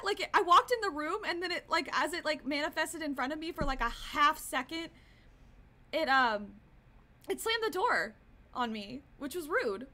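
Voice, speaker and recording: A woman's voice: high voice, lively intonation, moderate pace, pushed and bright. A woman streaming a horror game, commenting live in a jumpy, easily startled way, gasping and swearing.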